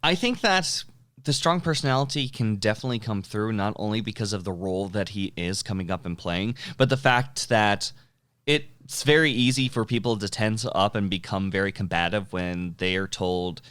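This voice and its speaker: Low smooth-voiced man, dry sound. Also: normal speed, fairly bright tone, no echo. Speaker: podcast co-host. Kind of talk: casual podcast discussion.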